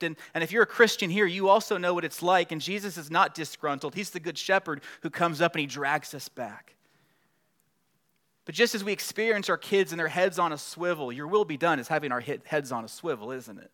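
A man's voice: fairly high pitch, fairly quick, a bit bright. A middle-aged male pastor preaching a sermon in a conversational way, building to emphatic passages.

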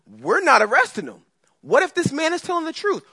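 A man's voice: extremely high pitch, a little fast, no echo, voice pushed up, heavily acted. Nervous slangy guard dudes , a male preacher puts them on, voice jumps way up, dry sound. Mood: alarmed. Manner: slangy, excited protest. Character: frightened temple guards, adult men, slangy and nervous.

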